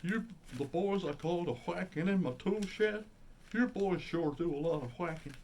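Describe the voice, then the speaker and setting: A man puts on a gruff older Southern man who drawls out a scolding. The voice is pushed well above his normal register and comes out loud and pinched. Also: high voice, unhurried, slight background noise, pitched above the performer's own voice.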